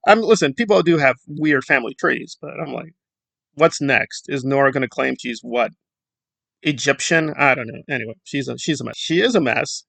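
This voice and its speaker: A man's voice: a little high, gravelly, sharp tone, no echo. A man from Central America giving a rambling, sarcastic commentary monologue with mocking asides. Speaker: commentary YouTuber.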